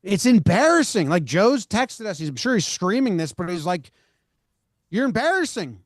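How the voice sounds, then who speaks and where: A man's voice: sits high, big pitch swings, moderate pace, no echo, clean studio sound. A man co-hosting a casual sports podcast, fired up and exasperated, swearing as he rants. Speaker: podcast co-host.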